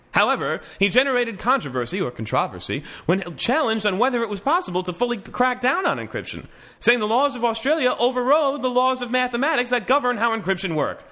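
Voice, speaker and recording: Man, podcast host, casual news commentary, wry asides, restarts, lively swooping pitch, bright tone. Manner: reads articles aloud with wry asides and frequent restarts.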